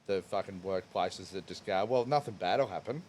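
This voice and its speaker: A man's voice: sits low, fairly quick, darkish tone, slight background noise. A man co-hosting a casual podcast, agreeing and adding his own thoughts about workplace habits, swearing casually. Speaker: podcast co-host. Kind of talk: casual chat.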